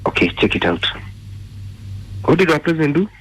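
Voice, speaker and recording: A man's voice: fairly high pitch, very animated, brisk, husky, poor audio. A man with a Kenyan accent calling in to a radio show, indignant and angry, firing repeated rhetorical questions. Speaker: caller. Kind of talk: call-in radio rant.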